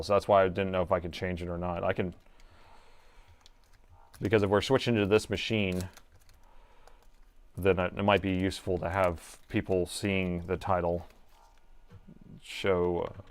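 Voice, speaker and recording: A man's voice: low voice, steady tone, normal speed, long pauses. Chatty middle-aged man talking through a repair. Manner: casual, thinks aloud while working, chatty asides to viewers. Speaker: repair technician and stream host. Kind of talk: live-streamed repair commentary.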